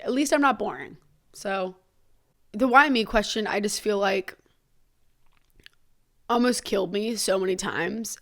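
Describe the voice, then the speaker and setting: A woman's voice: medium pitch, fairly bright tone. Blunt, swearing young woman podcaster. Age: young adult. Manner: blunt, profane and confiding, speaking straight to listeners in recovery. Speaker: podcast host. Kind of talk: candid solo podcast monologue.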